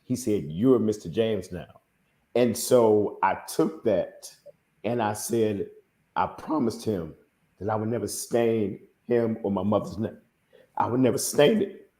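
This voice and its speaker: Middle-aged man, low voice, earnest and heartfelt, echoey room. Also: warm tone. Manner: earnest, heartfelt, halting repetitions. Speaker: panel guest. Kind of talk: emotional personal storytelling.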